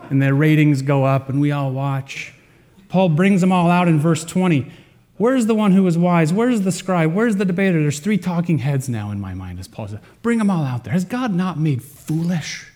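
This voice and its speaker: A man preaching a sermon to his congregation, earnest, with dramatic pauses and swings in loudness. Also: mid-range voice. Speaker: pastor.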